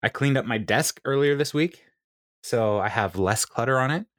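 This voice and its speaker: Speaking at a normal speed, this podcast co-host has a mid-range, fairly bright voice as he rambles through casual chat and laughs a lot. The recording is dry and studio quality.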